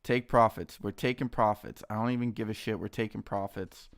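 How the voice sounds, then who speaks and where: Excitable young man streaming trades. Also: lowish voice, a little fast. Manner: excitable, talks to chat and his dogs, says dude a lot. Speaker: stock trading livestreamer. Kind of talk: casual live-stream chat.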